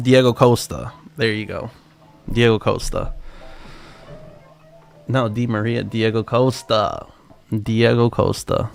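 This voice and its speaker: A young man hosting a live trading stream, chatting casually with excitable, profane, slangy banter. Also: fairly low pitch, slow pace, creaky, long pauses, soft background music. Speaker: livestream trading host.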